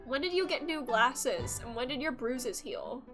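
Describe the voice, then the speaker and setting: A woman streamer commenting on a story game she is playing, reacting loudly and excitedly. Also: high-pitched, measured pace. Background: game music.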